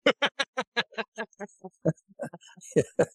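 A man who is a regular guest on a radio talk show, speaking casually in a halting way with many fillers. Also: high-pitched, expressive, sharp tone, dry recording.

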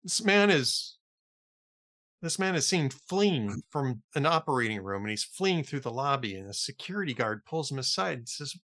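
A man's voice: medium pitch, sing-song, moderate pace, pushed and bright, no room sound, studio quality. A man hosting a radio talk show, chatting casually and telling jokes. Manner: chatty, tells jokes with shifting voices.

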